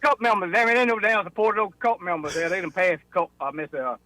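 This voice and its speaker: A man's voice: high voice, quick pace, bright, forceful tone, no echo, poor audio. A man calling in to a talk show, blunt and teasing, talking in loose casual grammar. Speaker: caller. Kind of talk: casual on-air chat.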